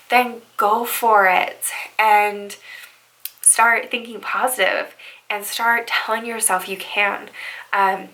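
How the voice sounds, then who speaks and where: A woman's voice: medium pitch, steady tone, slow pace, pushed and bright, rough recording. A young woman who works as a bridal stylist, giving upbeat, chatty motivational advice and often checking in with "right?". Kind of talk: motivational vlog talk.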